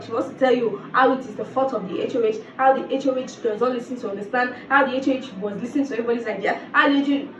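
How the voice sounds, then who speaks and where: A woman's voice: high voice, slight background noise. A woman giving a casual, exasperated commentary and repeating phrases for emphasis. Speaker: reality TV commentator. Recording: roomy, distant, dull sound.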